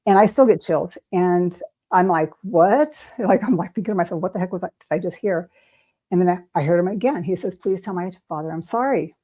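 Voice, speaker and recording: An older woman who works as an intuitive reader tells a personal story in an interview, animatedly acting out the voices she quotes. Her voice is fairly low and breathy-edged, and she speaks fairly quickly.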